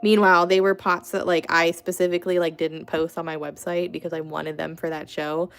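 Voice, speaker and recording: A woman's voice: lowish voice, little pitch movement, brisk, vocal fry, smooth. A young adult woman hosting a casual livestream, telling rambling, chatty stories full of "like" fillers and answering chat. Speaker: craft artist hosting a livestream.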